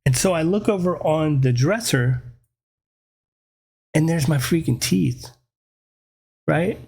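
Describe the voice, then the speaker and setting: A man telling a personal story in a casual, animated way, swearing freely and often checking in with "right?". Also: fairly high pitch, slow, vocal fry, slightly rough. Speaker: podcast host.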